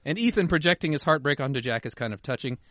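Fast, expressive and fairly high-pitched, this man's fairly bright voice comes through clean studio sound with no room sound. He co-hosts a podcast, bantering casually over listener emails with jokes and swearing, now and then sinking into a mutter.

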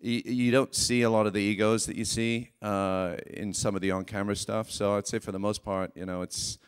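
A man's voice: lowish voice, flat delivery, brisk, smooth. A man with a British accent, a voice actor answering audience questions live onstage, playful and self-deprecating. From England. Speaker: voice actor guest. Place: live convention stage.

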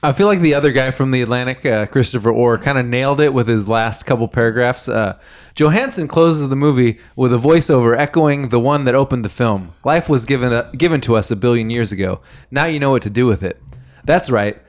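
A man reads a film review aloud to friends in a casual chat, his delivery dry and wry. His voice sits at an ordinary pitch. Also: fairly quick.

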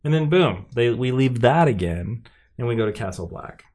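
A man's voice: medium pitch, expressive, normal speed, darkish tone. A man in casual chat, animatedly recapping a TV episode and acting out the characters' lines. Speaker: podcast co-host recapping a TV episode.

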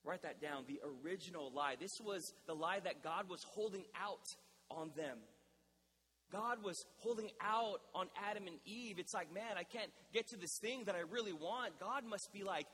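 A young man delivers a sermon in a loose, conversational way, sometimes lively, sometimes dropping to a soft, close tone. His voice sits high for a man. The sound carries a long reverb from a church hall. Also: moderate pace, a little hiss or hum. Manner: conversational, animated, with shifts to softer intimate delivery. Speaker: pastor.

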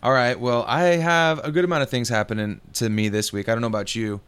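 Young male podcast co-host, smooth clear voice, easygoing storyteller who swears and laughs a lot. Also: mid-range voice, fairly even intonation, quick pace, a bit bright. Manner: laid-back storytelling, swears freely, laughs often. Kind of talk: casual gaming podcast chat.

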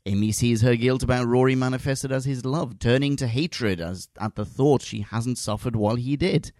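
A man's voice: mid-range voice, normal speed, no room sound. Jokey male podcast host, dry close sound. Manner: jokey, giggly, reads listener mail in a lively voice. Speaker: podcast co-host reading listener reviews. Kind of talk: casual podcast chat and reading aloud.

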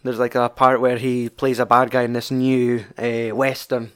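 A man's voice: medium pitch, little pitch movement, moderate pace, fairly bright tone, smooth. A young man with a Scottish accent chatting casually about a film, rambling and swearing freely.

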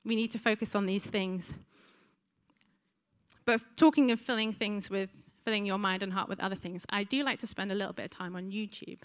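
A woman's voice: medium pitch, steady tone, a little fast, smooth. A woman preaching a sermon to a congregation in a church, chatty, with frequent ums and asides to the listeners.

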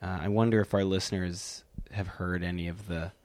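A man's voice: deep voice, fairly even intonation, brisk, darkish tone, dry recording. A man from Wisconsin hosting a casual podcast chat, rambling with lots of fillers and restarts. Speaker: podcast host. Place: office.

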